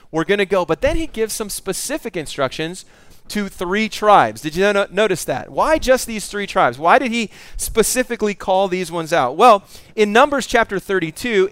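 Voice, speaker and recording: A man's voice: high voice, fairly bright tone, clean tone, dry recording. A man preaching a conversational sermon, reading scripture aloud and adding casual asides. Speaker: pastor.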